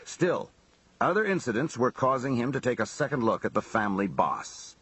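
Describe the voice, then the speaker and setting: Husky male audiobook narrator. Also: mid-range voice, big pitch swings, normal speed, fairly bright tone, dry recording. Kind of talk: scripted narration.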